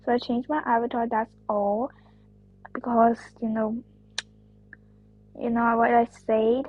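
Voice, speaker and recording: A woman chatting casually over her gameplay, rambling, slipping into whispers and breaking into sudden excited outbursts. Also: a little high, unhurried, slight background noise. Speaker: gameplay streamer. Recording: dull lo-fi dry recording.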